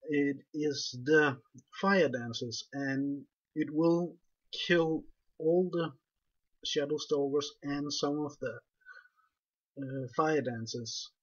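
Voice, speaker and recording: A man with a non-native English accent, calmly explaining a game walkthrough step by step. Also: medium pitch, husky. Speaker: game guide narrator. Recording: dull lo-fi recording.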